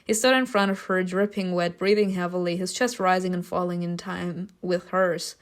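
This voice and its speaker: A woman reading a story game's narration aloud, breaking off for loud, laughing reactions and casual swearing. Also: on the low side, steady tone, normal speed. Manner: reads narration evenly, bursts into loud laughing outbursts. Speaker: streamer reacting to a story game.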